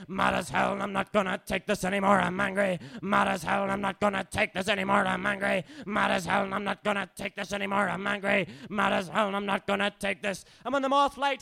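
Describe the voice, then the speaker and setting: A man delivers a furious, foul-mouthed spoken word poem, hammering his refrains over and over. His voice sits high with a gravelly edge, yet stays clear and smooth. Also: bright, forceful tone. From Northern Ireland. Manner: angry, profane, chanting repeated refrains. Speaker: performance poet. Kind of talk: spoken word poetry performance.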